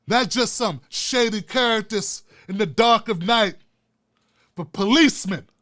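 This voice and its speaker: A middle-aged man hosting his own online show, ranting with fiery, profane, preacher-like repetition and swinging from hushed asides to shouting. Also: high voice, a little slow. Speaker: YouTube show host. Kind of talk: impassioned vlog rant.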